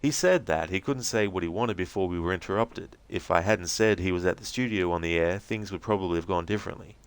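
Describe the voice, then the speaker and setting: A man's voice: low-pitched, fairly quick, smooth, no room sound. A man doing a resentful small-town radio host. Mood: defensive. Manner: stiff, resentful and formal. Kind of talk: reading game transcripts aloud with voices.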